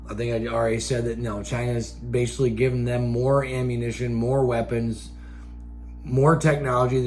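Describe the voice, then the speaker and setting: A man hosting a show, delivering a profane, angry rant that keeps flaring into shouts. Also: medium pitch. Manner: angry, swears constantly, flares into shouts. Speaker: show host. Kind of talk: profane ranting monologue.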